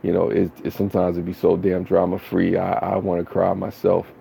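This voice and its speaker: A man's voice: low-pitched, completely flat delivery, fairly quick, gravelly, dark tone, a little hiss or hum. A man chatting casually with viewers on a live stream, laid-back and slangy, rambling with lots of fillers.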